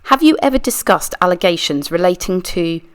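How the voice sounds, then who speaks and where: Fairly quick and with lively intonation, a woman with a lowish, everyday-sounding voice reads as a pressing, methodical lawyer. The piece is a read-aloud deposition reenactment by a true crime channel reader, with a persistent adult lawyer questioning a witness.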